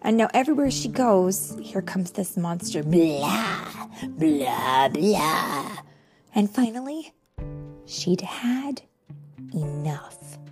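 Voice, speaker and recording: Young woman storybook reader, unhurried, animated pitch, gentle exclaims; faint music under. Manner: slow, expressive, gently exclaiming. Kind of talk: reading a picture book aloud to a child.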